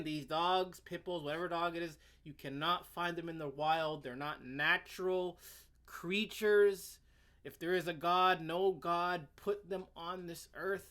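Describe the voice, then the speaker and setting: A man hosting a commentary video, reading a web page aloud and ranting about it in a sarcastic, exasperated way, stammering and restarting often. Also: high-pitched. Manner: sudden swings between loud outbursts and muttering.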